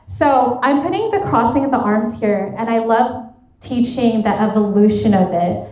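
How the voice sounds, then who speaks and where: A woman's voice: fairly high pitch, animated, normal speed, dark tone. A woman in her thirties giving a live motivational workshop talk as a career coach, chatting casually with lots of "like" and acting out bits of dialogue. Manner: conversational, peppered with "like", acts out quoted dialogue. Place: event hall at a women's retreat. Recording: roomy echo of a live hall.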